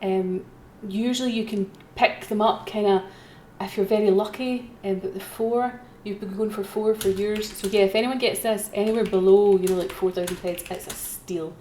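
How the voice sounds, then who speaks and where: Woman auction host, chatty and self-mocking, echoey room, soft typing behind. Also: mid-range voice, steady tone, moderate pace, few pauses, slight background noise. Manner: chatty, self-mocking, repeats calls for bids. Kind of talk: live-streamed auction commentary. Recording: roomy echo, faint keyboard typing.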